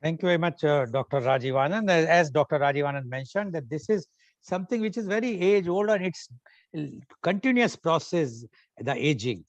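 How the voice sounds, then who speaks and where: A man's voice: a little high, animated, fairly quick, no echo. A man with an Indian English accent moderating a panel, summarizing with frequent hesitations. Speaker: moderator of a media conference.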